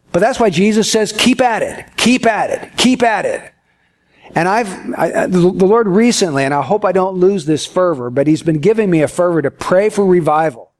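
High-voiced preacher with folksy humor. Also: male voice. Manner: earnest, storytelling with folksy humor. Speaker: pastor. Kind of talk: sermon.

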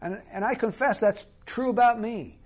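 A man with a notably high voice delivers a sermon. He preaches earnestly, leaning on key words and slowing to drive points home. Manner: earnest, emphatic preaching with slow, stressed phrases.

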